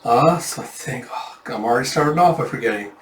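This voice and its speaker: A man's voice: mid-range voice, brisk, a little hiss or hum. A man casually narrating a manga read-through, rambling and self-deprecating with many fillers. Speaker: manga reader. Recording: echoey room, distant mic.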